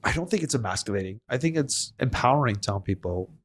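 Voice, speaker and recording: A man's voice: medium pitch, expressive, fast talker. A middle-aged man in casual podcast conversation, talking in an earnest, emotional, rambling way. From Canada. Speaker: podcast host.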